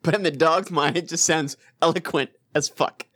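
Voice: mid-range voice, normal speed, no room sound, clean studio sound. A podcast co-host chatting casually, telling stories with animation and lots of swearing. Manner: animated storyteller, profane, laughs often. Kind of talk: casual chat.

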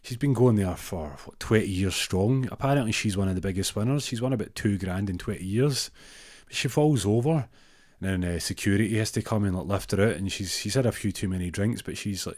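Rambling low-voiced male storyteller. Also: darkish tone, no echo, studio quality. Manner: rambling, with many fillers and restarts. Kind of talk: comic storytelling.

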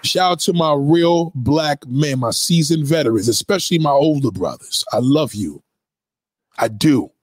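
Husky man in a heated profane rant. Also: fairly high pitch, animated, measured pace, dry recording, studio quality. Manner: heated, profane, sing-song jabs. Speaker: vlogger. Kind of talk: ranting commentary video.

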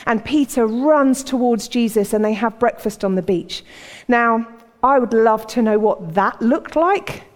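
This preacher's voice is a little high and animated, moving at a measured pace as she shares stories in a conversational sermon and acts out their voices. Long hall reverb colors the recording.

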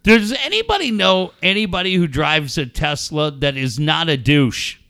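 A man's voice: fairly high pitch, lively intonation, moderate pace, creaky, bright, forceful tone, dry recording. A middle-aged man co-hosting a casual podcast, swearing freely and riffing jokes. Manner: profane, joking, riffing. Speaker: co-host.

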